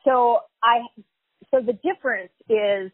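A woman with a slightly high, husky voice tells her own story in an interview, emphatic and full of fillers and repeated words. She speaks over a thin, phone-like line that sounds dry and close. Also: slow pace, no echo. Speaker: podcast guest, chiropractor and life coach. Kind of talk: candid conversational storytelling.

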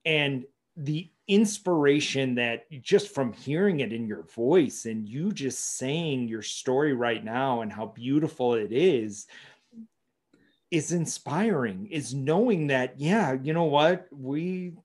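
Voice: medium pitch, animated, slow, a little mellow. A podcast host who interviews a guest, often affirming her and reflecting on her story at length. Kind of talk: casual interview.

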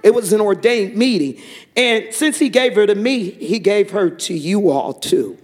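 A man giving a fervent testimony to a church congregation, telling a story and breaking into shouted praise. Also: sits high, lively intonation, unhurried.

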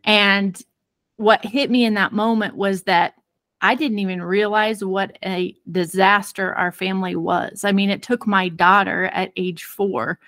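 An expressive woman recounting her own family story as an interview guest. Her voice sits at an ordinary middle pitch, and she talks earnestly with easy laughter. The sound is close and dry. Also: dry recording. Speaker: parenting expert guest. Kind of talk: personal storytelling in a podcast interview.

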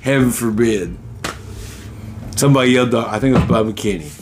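A man co-hosting a casual podcast, telling a story in an animated way, swearing freely and acting out quoted lines. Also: medium pitch, a little fast, heavy background noise. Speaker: podcast co-host.

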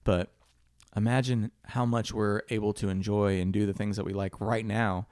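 A man's voice: on the low side, fairly even intonation, moderate pace, a little mellow, no echo, clean studio sound. A young man co-hosting a podcast, chatting casually and rambling with lots of "like" and the odd swear word. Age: young adult. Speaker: podcast co-host.

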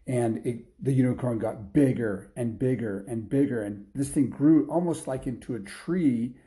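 A man's voice: medium pitch, moderate pace, dark tone. A man telling an improvised children's story in a rambling way, with restarts and sound effects.

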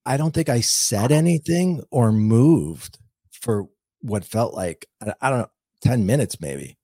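A man's voice: mid-range voice, animated, a little slow, mellow, breathy edge, no echo. A middle-aged man, a guest on a podcast, earnestly telling a personal story and acting out his own past words. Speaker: guest, intuitive and author.

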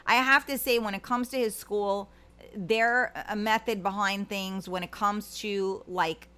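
A woman's voice: mid-range voice, fairly even intonation, unhurried, pushed and bright, clear, resonant tone. A middle-aged woman, chatting casually as a livestream host and reading out viewer comments, rambling with many fillers.

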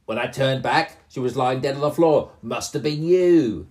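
A man voicing a quarrelsome goblin who insists it is innocent, protesting in a raised, drawn-out voice. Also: medium pitch, a little mellow, voice pushed up, natural voice. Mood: defensive. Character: quarrelsome goblin blaming its sibling.

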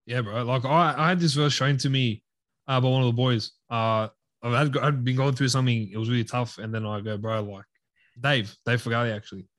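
A young man co-hosting a casual podcast speaks in a relaxed, candid way and calls his friend bro again and again. His pitch is medium. The sound is close-miked and dry. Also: a little fast, dry recording. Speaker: podcast co-host.

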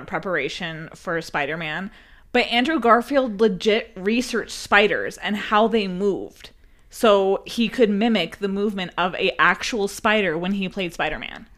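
Lively young woman chatting on a podcast. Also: medium pitch. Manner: animated, says "like" a lot, swears, laughs often. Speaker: podcast co-host. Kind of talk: casual chat.

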